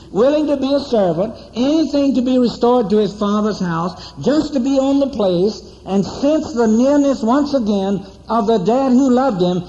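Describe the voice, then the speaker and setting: A man preaching a sermon, telling a story with dramatic pauses and repeated rhetorical questions to the congregation. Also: very high voice, warm tone, slight background noise. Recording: dull, echoey church hall recording.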